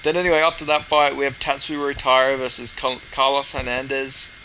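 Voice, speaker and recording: A man's voice: medium pitch, level tone, a little fast, sharp tone, slight background noise, poor audio. A man giving casual fight predictions in a rambling way, swearing often. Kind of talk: casual chat.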